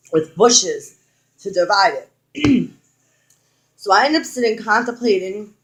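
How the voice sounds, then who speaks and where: A young woman tells a personal story straight to camera in a casual vlog. She speaks bluntly and swears freely. She leans into the lines she quotes. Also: lowish voice. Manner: frank, heavy swearing, animated retelling with quoted lines. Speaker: vlogger.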